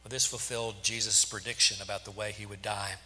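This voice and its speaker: A man narrates scripture in a steady, dramatic reading, stumbling a little now and then. His voice is very bright and clear. A long hall reverb trails behind it. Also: lowish voice, fairly quick. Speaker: scripture reader.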